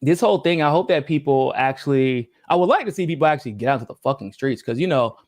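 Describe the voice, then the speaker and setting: A young man co-hosting a casual podcast chat, animated and swearing freely. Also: medium pitch, fast talker. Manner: animated, swears freely, acts out others' voices. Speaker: podcast co-host.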